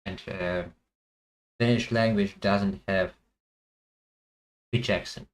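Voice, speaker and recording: A man thinking aloud as he plays a language guessing game, hesitant and full of pauses and fillers. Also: sits low, fairly even intonation, slight background noise, low-quality recording. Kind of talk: thinking aloud while playing.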